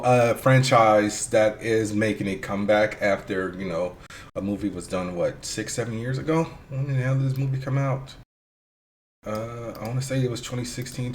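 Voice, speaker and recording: A man's voice: lowish voice, slight background noise. A man hosting his own podcast, talking casually and thinking aloud, with fillers and the odd curse. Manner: rambling and loose, thinks aloud with fillers and swearing; hyped, shouty intro. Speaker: podcast host. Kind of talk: casual solo podcast talk.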